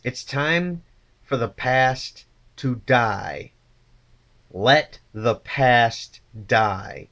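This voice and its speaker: A man's voice: medium pitch, animated, very slow, a bit bright. A man ranting angrily to his channel, contemptuous and swearing constantly. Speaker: channel host. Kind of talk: angry profane rant to camera.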